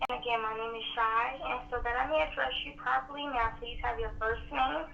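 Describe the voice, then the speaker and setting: A woman telemarketer on a sales call who gushes with flattery and lays on the sympathy. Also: fairly high pitch, a little fast, vocal fry. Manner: gushing, flattering, overly sympathetic. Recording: distant muffled phone line with faint hiss.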